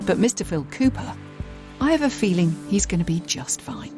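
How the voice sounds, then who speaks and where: Lively English woman narrating a documentary. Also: fairly low pitch, normal speed. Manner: lively storytelling delivery. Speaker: documentary presenter. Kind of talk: scripted narration. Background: faint music.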